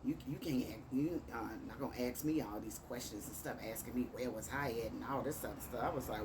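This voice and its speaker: A woman's voice: a bass voice, expressive, normal speed. A woman from Chicago with a Chicago accent, casually telling a dating story and acting out both sides of the texts. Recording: distant mic with clear background noise.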